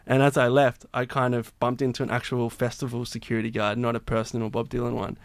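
A man's voice: medium pitch, level tone, quick pace, dry recording. A man, a singer-songwriter telling a long backstage story in casual chat, full of restarts and fillers. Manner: rambling, many restarts and fillers.

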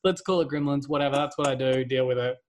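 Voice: medium pitch, quick pace, a crowd in the background. A podcast co-host, chatting casually in a rambling way and laughing often. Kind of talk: casual chat.

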